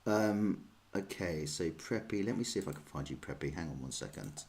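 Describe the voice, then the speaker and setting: English male streamer, lower voice, sing-song delivery, rambling chat with viewers. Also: lively intonation, moderate pace, a little mellow. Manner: chatty, rambling, self-deprecating. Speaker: chess streamer. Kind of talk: casual livestream chat answering viewers.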